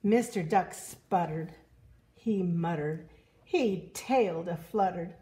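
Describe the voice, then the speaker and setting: A woman reading a children's picture book aloud, animated and expressive, doing voices for the animals. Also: fairly low pitch, slow. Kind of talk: children's story read-aloud.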